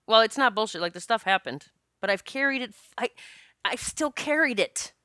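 A woman's voice: fairly high pitch, expressive, normal speed, pushed and bright, no room sound, clean studio sound. A woman telling a personal story in a candid, casual way, laughing often and swearing freely.

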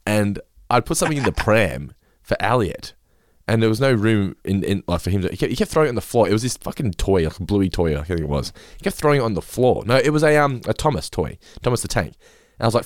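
A man's voice: lowish voice, lively intonation, fast talker, dry recording, studio quality. An Australian man hosting a casual podcast chat, rambling and acting out quotes. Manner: rambling, acts out quotes, swears freely. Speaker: podcast host. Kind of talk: casual chat recapping a sitcom episode.

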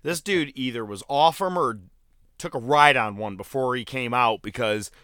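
A man with a bright, forward tone chatting casually and cracking jokes. He retells moments with energy. The sound is dry, with no room echo. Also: medium pitch, moderate pace. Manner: joking, animated retelling. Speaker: podcast co-host. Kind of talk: casual chat.

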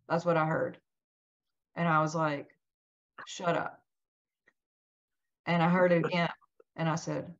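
A woman guest in an interview telling a personal story in a lively way, acting out what each person said. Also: on the low side. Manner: animated, acts out quoted dialogue. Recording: dull lo-fi sound.

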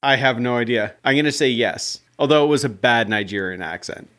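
A wry man co-hosting a casual podcast, answering in a dry, mock-incredulous way. His voice is mid-pitched and conversational. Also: animated, brisk, fairly bright tone. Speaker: podcast co-host. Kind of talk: casual chat.

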